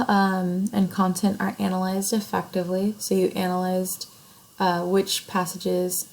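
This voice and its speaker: A woman's voice: on the low side, vocal fry, a little mellow, low-quality recording. A woman teacher walking her students through an essay assignment in a recorded lesson, explaining step by step and checking in with "right?" as she goes.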